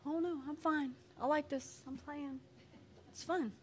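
A woman's voice: sits high, fairly even intonation, measured pace, slight background noise, voice pushed up. A woman voicing her younger self as a carefree girl of nine or ten, light and dismissive. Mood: breezy.

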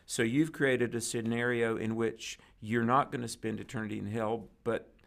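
A man with a gravelly, creaky voice tells a story in conversation. He acts out the dialogue of the people in it as he goes, sounding like a preacher recounting an encounter. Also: medium pitch, moderate pace. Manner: animated storyteller acting out quoted dialogue. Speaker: guest preacher.

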